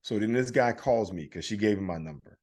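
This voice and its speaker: A man's voice: on the low side, a little fast, darkish tone. A man casually telling stories on a podcast, laughing and acting out phone calls. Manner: laughing, storytelling, acts out calls. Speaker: podcast co-host. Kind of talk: casual chat.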